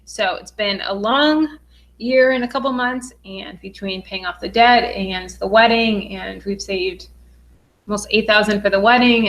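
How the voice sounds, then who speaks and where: A young adult woman hosting a casual livestream, bubbly and excitable, with lots of "um" fillers. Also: medium pitch.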